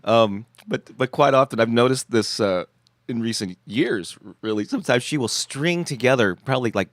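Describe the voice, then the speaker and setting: A man's voice: medium pitch, no echo, clean studio sound. Congested man hosting a casual live chat. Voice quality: slightly nasal. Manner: halting, many restarts and chuckles. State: congested, scratchy throat. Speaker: host.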